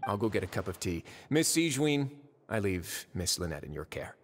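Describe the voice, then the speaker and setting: An actor voicing a suave, dryly amused warden in game dialogue, speaking smoothly and without hurry. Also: male voice, on the low side, very animated, faint music behind. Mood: calm. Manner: smooth, unhurried, wry. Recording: long reverb hall sound.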